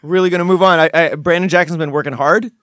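A man playing a flustered, evasive high school football coach at a press conference, rambling defensively with nervous laughs. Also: steady tone, fast talker, fairly bright tone, no echo, studio quality, natural voice. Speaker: podcast co-host.

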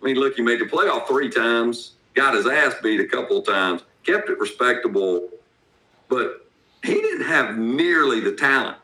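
A man with a strong Southern accent, co-hosting a casual sports podcast in a blunt, salty, animated way. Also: mid-range voice, normal speed, reverberant, low-quality recording. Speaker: podcast co-host.

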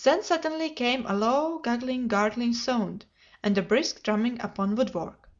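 Woman narrating a classic audiobook. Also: fairly high pitch. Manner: steady, measured storytelling. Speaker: audiobook reader. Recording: dull lo-fi home recording.

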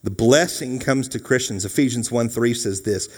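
Animated preaching man in a reverberant hall. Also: medium pitch, moderate pace, few pauses, slightly rough. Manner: animated, jokey preaching with acted-out voices. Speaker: pastor. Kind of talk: sermon.

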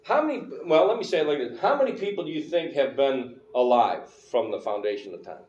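A man's voice: medium pitch, animated, fairly quick, a little mellow, lo-fi sound. Man preaching in a roomy church. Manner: conversational preaching, asks the congregation questions. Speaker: pastor. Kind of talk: sermon. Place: church sanctuary. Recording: roomy church hall, mic at a distance.

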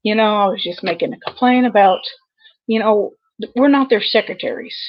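A woman dispatcher telling a personal story over a video call, earnest and halting with many pauses. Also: mid-range voice, muffled recording, slight background noise. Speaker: 911 dispatcher guest.

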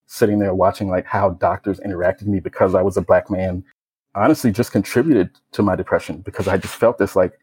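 A young man from the United States recounting a personal experience in a low-key, reflective way, with many casual fillers. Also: fairly even intonation, a little fast, a little mellow, breathy edge, dry recording, poor audio. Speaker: storyteller. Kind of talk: personal testimony.

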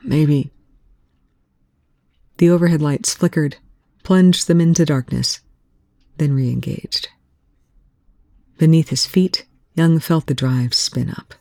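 Gravelly voice reading fan fiction out, mid pitch, steady, very dry sound. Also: dry recording. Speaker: audiobook reader.

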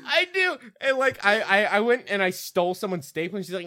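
A man's voice: high-pitched, expressive, quick pace, few pauses, sharp tone. A young man, a podcast co-host, telling stories in casual chat while laughing and swearing a lot.

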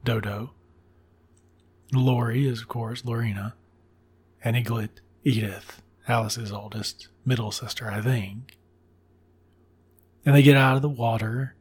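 Podcast host, male, husky timbre, loose profane storytelling with side comments. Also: medium pitch, a little mellow. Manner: irreverent, swears freely, drops asides. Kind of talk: casual profane story retelling.

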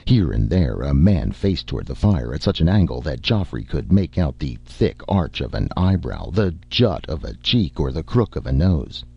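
A man reading a story aloud in measured, expressive narration, in a dull lo-fi recording. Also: rumbling low, gravelly, husky. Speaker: audiobook narrator. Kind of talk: scripted narration.

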